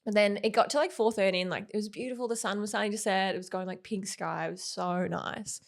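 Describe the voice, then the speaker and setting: A woman's voice: medium pitch, quick pace, vocal fry. Young woman rambling thru a story on a podcast, says like a lot, gets bouncy doing quotes. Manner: rambling, heavy use of "like"; animated when quoting. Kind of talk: casual storytelling chat.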